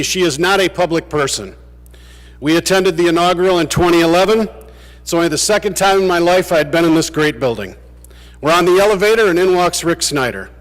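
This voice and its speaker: A man giving a farewell speech to fellow legislators, telling anecdotes with dry humor. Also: high voice. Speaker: state legislator. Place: large legislative chamber. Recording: long reverb of a big chamber.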